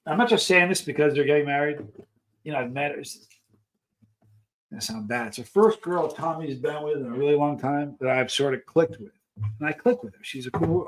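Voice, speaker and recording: Slightly high and delivered at a normal speed, this man's voice carries a relaxed live stream. He reads viewer comments out loud and drifts into meandering tales.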